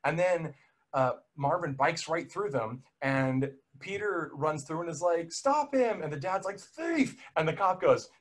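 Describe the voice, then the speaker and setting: A man's voice: on the high side, moderate pace. A young man recapping a film in a casual podcast chat, rambling and self-correcting, laughing now and then.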